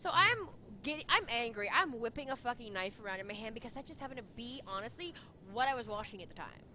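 Talking fast in a fairly high, pushed and bright voice with lively intonation, a woman co-hosts a laid-back podcast. She tells stories bluntly, swears a lot and gestures with her hands as she speaks.

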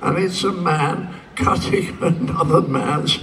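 A man's voice: a little high, slow, a bit bright, a little hiss or hum. An older man speaking as a convention guest, telling a rambling story to a live audience with dry humor and acting out the dialogue. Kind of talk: stage anecdote for a live audience. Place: large convention hall stage. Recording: distant hall pickup with faint crowd ambience.

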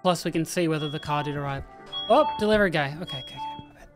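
A woman's voice: deep voice, racing. A woman casually talking through a horror game as she plays, thinking aloud and chatting to the characters on screen. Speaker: gaming streamer. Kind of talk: casual let's-play commentary. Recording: faint game music behind.

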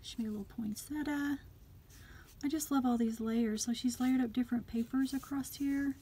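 A woman, chatting through an unboxing of craft gifts at home, gushing and often murmuring asides softly. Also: sits high, fairly even intonation, moderate pace, husky. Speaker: craft vlogger.

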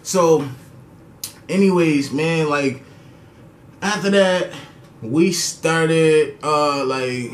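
A man's voice: fairly high pitch, very slow, pauses often, roomy sound. A young man telling a casual story time. His talk is slangy and profane, and he laughs as he goes. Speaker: storytelling vlogger.

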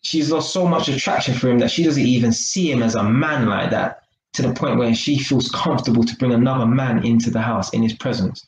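A man's voice: mid-range voice, fairly quick, reverberant, slight background noise, low-quality recording. Man ranting to his live viewers. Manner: chatty, peppered with tag questions. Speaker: vlogger. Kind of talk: live-stream rant to viewers.

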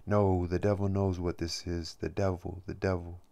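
A man's voice: sits low, little pitch movement, normal speed, vocal fry, dark tone, dry recording. A man reading the lines of a weary, doubting male writer who speaks ironically and with exasperation. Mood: exasperated.

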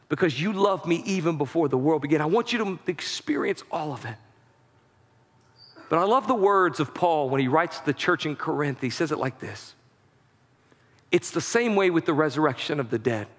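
A man preaching a sermon as pastor, with impassioned delivery that rises to shouting at its peaks. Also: fairly high pitch, expressive, moderate pace. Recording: long hall reverb.

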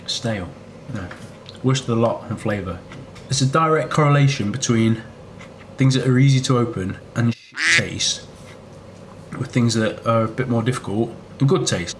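A man's voice: mid-range voice, normal speed. Wry man vlogging over ambient noise. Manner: wry, chatty food-tasting asides. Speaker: travel vlogger. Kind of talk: casual vlog commentary. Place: tropical beach resort.

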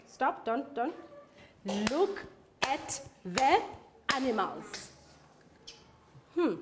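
A high-voiced South African foundation-phase teacher gives a phonics lesson to young children in a classroom. She speaks slowly and repetitively, drawing out words while clapping.

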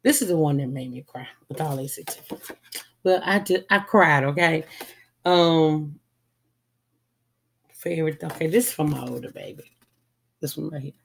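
A woman's voice: sits low, normal speed, creaky, long pauses, slight background noise. A middle-aged woman, stuffy from a cold, chatting casually and rambling as she shows off her holiday gifts, with frequent ums. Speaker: vlogger. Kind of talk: casual holiday haul chat.

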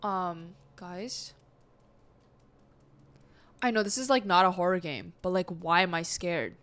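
A woman's voice: fairly low pitch, slow, a bit bright. A young woman hosting a gaming channel, reacting to the game as she plays, easily startled, talking to the game and her chat with gasps and exclamations. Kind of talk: casual let's-play commentary.

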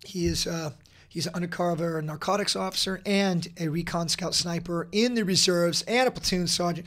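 A middle-aged man talking as a podcast guest, earnest and energetic, with many fillers and restarts. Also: high voice, normal speed. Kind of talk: casual interview talk.

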